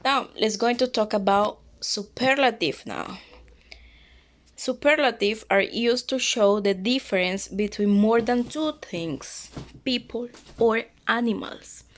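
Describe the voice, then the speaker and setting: A woman's voice: on the high side, slow. A young woman teaching an English grammar lesson, patiently repeating words and rules, with small grammar slips of her own. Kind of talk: slow explanatory grammar lesson.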